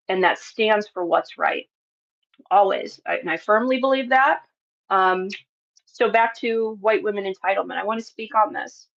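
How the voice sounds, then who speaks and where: A woman's voice: mid-range voice, fairly bright tone, dull audio. Earnest, preachy woman host. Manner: earnest, preachy, repeats phrases for emphasis. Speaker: spiritual channel and show host. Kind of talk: impassioned monologue to viewers.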